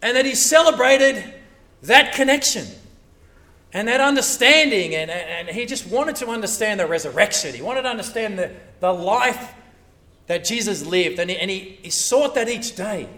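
A man preaching a sermon, animated and conversational, often acting out the voices of churchgoers. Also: high voice, moderate pace, far from the mic.

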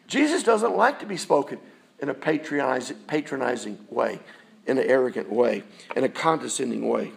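A man's voice: medium pitch, lively intonation, measured pace, vocal fry, pauses often. A male pastor giving a conversational sermon in a church, often asking the congregation rhetorical questions.

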